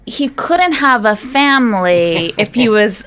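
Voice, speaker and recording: A woman's voice: fairly high pitch, lively intonation, slow, a bit bright. A woman co-hosting a casual comedy podcast, asking curious questions about a movie and laughing easily. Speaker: podcast co-host.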